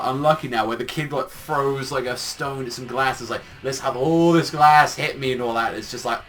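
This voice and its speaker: A man's voice: fairly high pitch, a bit bright. A young man giving a casual spoken review, rambling and swearing while he mocks the voices of the characters. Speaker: anime reviewer.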